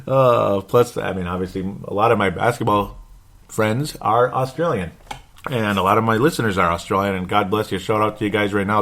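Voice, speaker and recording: Hosting a laid-back sports commentary podcast, this man talks in a rambling, blunt way, dropping mild swear words and frequent chuckles. His voice is on the low side and a bit bright.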